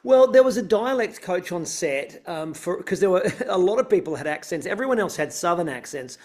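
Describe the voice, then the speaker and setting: An Australian actor chatting easily as an interview guest, relaxed and talkative, with light laughs in his answers. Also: high voice, fairly quick. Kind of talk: casual interview chat.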